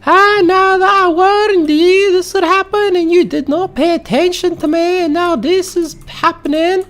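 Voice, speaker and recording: A man's voice: very high voice, fairly even intonation, measured pace, a bit bright, soft background music, pitched above the performer's own voice. A man putting on a frantic, shrieking voice for a man gloating that he warned someone. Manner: screeching, wailing, overwrought.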